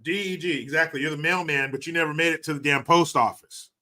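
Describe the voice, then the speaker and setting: A man's voice: a little high, fast talker, pushed and bright. A man hosting a casual livestream, ranting sarcastically and thanking viewers for donations. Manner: sarcastic, mocking rants with profanity. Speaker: livestream host reading donations.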